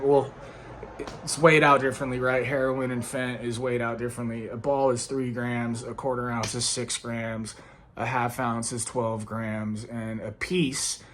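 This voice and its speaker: A young man talking in a loose, rambling way, his sentences full of fillers and little check-in questions. His voice sits at an ordinary middle pitch, and he tells his story casually and straight to the listener. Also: a little hiss or hum. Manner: rambling, filler-heavy, frequent "like" and "right?". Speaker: recovering addict telling his story.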